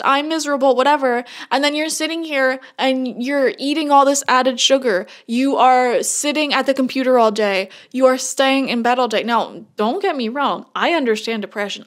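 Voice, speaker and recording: Woman, tarot reader, casual to-camera read, slightly high voice, blunt and earnest tough love.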